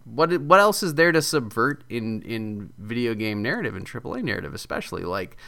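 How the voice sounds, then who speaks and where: A man who writes video games, talking as a guest in a casual podcast interview, animated and jokey as he tells stories. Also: mid-range voice, fairly quick, gravelly.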